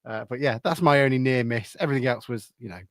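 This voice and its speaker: A man co-hosting a football podcast, telling stories in a lively way and acting out the dialogue. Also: mid-range voice, quick pace, no echo, studio quality. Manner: lively storyteller, acts out dialogue. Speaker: podcast co-host. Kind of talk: casual football chat.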